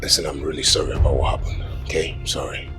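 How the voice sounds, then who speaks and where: An actor playing an apologetic man who tries to calm an angry friend. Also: very deep voice, fast, music in the background. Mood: placating. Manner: calm, placating. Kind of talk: film drama acting.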